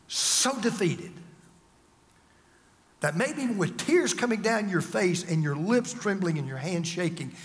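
Older preacher guy, high voice, big swings loud to quiet, long hall echo. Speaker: pastor. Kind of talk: sermon.

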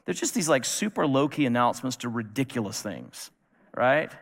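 A man's voice: mid-range voice, lively intonation, normal speed, vocal fry, a bit bright. Man preaching in a reverberant hall. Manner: casual, wry asides, repeats words when restarting. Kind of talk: conversational sermon. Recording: long reverb of a large hall.

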